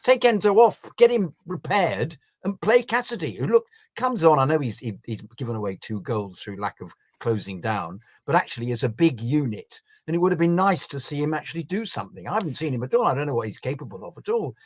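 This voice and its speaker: A man's voice: fairly high pitch, expressive, brisk, hardly any pauses, dry recording. Bloke mulling over his team on a podcast, wry, dry close mic. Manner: musing, opinionated, wry. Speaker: podcast co-host. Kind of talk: casual football podcast chat.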